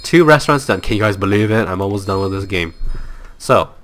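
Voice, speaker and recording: A man's voice: fairly low pitch, lively intonation, fairly quick, a bit bright, a little hiss or hum. A young man hosting a let's play, playful and self-mocking as he talks to viewers at his computer. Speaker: gaming channel host.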